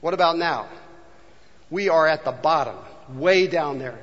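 A man's voice: a little high, a little slow, fairly bright tone. A man from California preaching a sermon, earnestly asking the congregation rhetorical questions. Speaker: pastor. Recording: dull, long reverb in a hall.

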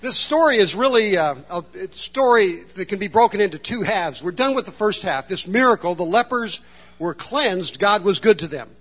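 Male pastor, high voice, reflective sermon, muffled church recording. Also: animated, moderate pace, fairly bright tone. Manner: reflective, asks the room questions. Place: church hall with a congregation.

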